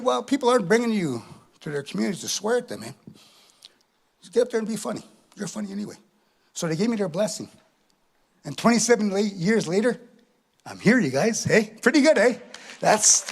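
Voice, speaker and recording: A middle-aged man from Canada telling a stand-up comedy story on a theatre stage, animated, chuckling as he acts out voices. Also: high-pitched, breathy edge. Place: theatre stage with live audience.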